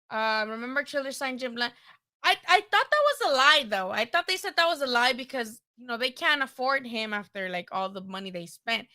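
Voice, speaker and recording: A young woman talks through boxing news on her live stream in a loose, unscripted way. Her voice is bright and sits a bit high, and she swears casually and trails off into fillers and restarts. It sounds like relaxed chat from home. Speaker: boxing livestream host.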